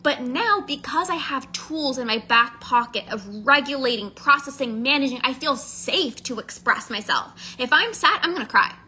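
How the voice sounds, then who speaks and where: Woman coach, high bright voice, earnest and emphatic, repeats herself for stress. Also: lively intonation, normal speed, few pauses, slightly rough. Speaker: emotional eating coach. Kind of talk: casual candid monologue.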